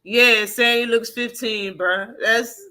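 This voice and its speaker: A woman's voice: a little high, fairly even intonation, takes it slowly, bright, forceful tone. A woman hosting a live boxing talk stream in casual, profane chat, laughing often and answering her chat.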